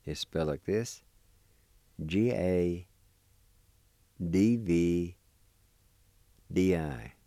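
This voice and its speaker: A man teaching a language lesson, spelling words letter by letter and slowly repeating each syllable. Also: low voice, mellow, no room sound.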